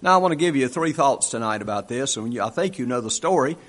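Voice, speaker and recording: A man's voice: mid-range voice, animated, fast talker, a bit bright. A man preaching a conversational sermon, acting out scripture dialogue with frequent restarts. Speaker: pastor.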